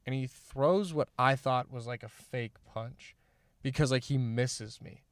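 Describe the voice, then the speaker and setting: A man's voice: mid-range voice, steady tone, a little slow, smooth, no room sound. A young man telling a story in casual chat, rambling and swearing, with lots of "like" fillers. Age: young adult. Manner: rambling, swearing, heavy use of "like". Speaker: guest, former college athlete.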